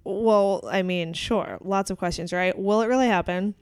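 Woman, podcast co-host, casual chat, smooth clear voice, dry close sound. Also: medium pitch, moderate pace, a little mellow, no room sound. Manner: chatty, laughing often. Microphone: studio mic.

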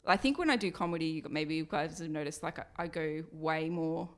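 A woman's voice: low-pitched, a little fast. A woman comedian with an Australian accent, chatting casually in a slightly hesitant, self-deprecating way. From small country town in Australia. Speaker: comedian guest. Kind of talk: casual chat.

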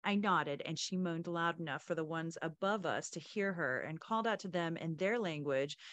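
A woman podcast host reads an adventure story aloud, steady and engaged, with a slightly low voice. The recording is close and dry. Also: normal speed, dry recording, lo-fi sound.

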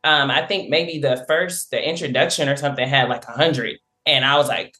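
Woman telling a story, halting and laughing. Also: sits low, animated, a bit bright. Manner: halting, many fillers and restarts, laughs while telling. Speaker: publishing team member. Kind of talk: casual podcast chat.

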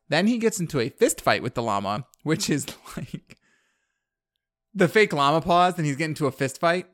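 A man hosts a podcast in a loose, chatty way. He rambles through a story, filling gaps with "like" and chuckling as he goes. His voice sits at an ordinary middle pitch. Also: fairly bright tone. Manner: rambling, heavy use of "like", laughs at his own recap. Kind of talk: casual chat recapping a movie.

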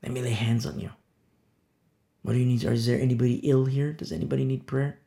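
A man's voice: mid-range voice, fairly even intonation, fast, creaky, dark tone. A man preaching an informal sermon, talking conversationally and acting out little scenes. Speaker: pastor. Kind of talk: informal sermon on a Bible passage.

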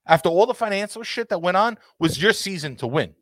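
A man's voice: sits high, expressive, a little fast, a bit bright, dry recording, studio quality. A man hosting a casual football talk show, ranting passionately and swearing freely. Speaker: podcast host.

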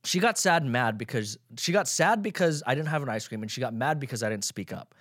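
A man's voice: medium pitch, animated, fairly quick, hardly any pauses, dry recording, studio quality. Profane sarcastic young man. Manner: profane, sarcastic, jumps between loud mock outrage and mumbling asides. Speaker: podcast host. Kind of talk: casual solo podcast rant.

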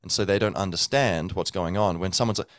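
A man's voice: low-pitched, fairly quick, no room sound. A man hosting a podcast, speaking in a loose, rambling monologue full of fillers and sounding tired from little sleep. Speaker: podcast host.

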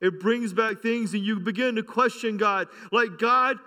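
A man's voice: high voice, steady tone, normal speed, sharp tone. A middle-aged man pastor preaching a sermon fervently, with call-outs and humor, in a church. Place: church sanctuary. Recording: long hall reverb.

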